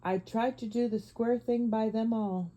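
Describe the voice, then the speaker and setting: A woman's voice: fairly high pitch, fairly even intonation, measured pace, mellow, lightly acted, poor audio. A woman voicing a humble male London cab driver with a Cockney accent, deferential and homely.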